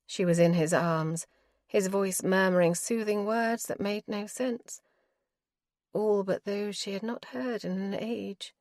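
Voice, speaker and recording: A woman narrating an audiobook in a measured, even reading style. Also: mid-range voice, no room sound, clean studio sound. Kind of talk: scripted narration.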